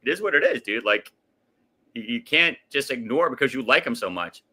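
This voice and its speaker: A man's voice: medium pitch, animated, fairly quick, sharp tone, breathy edge. A man co-hosting a casual wrestling news chat, agreeing loosely and laughing along. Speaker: podcast co-host.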